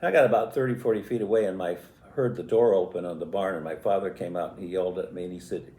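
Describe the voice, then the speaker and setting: A man in his eighties telling stories from his life in a halting, reflective and emotional way. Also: sits low, warm tone. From US Midwest. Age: 80s. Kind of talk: personal storytelling. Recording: echoey room.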